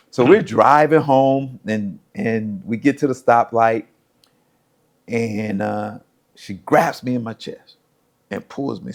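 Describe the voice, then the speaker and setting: A middle-aged American who used to play pro football tells stories from his life in a lowish voice marked by vocal fry. It's casual storytelling, lively, with him voicing the people in each anecdote.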